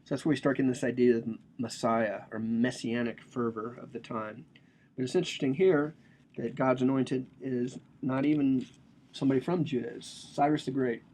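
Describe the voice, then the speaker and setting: A man's voice: medium pitch, a little mellow, a little hiss or hum. A man giving a casual, joking lecture on a religious text, explaining it with slang and asides.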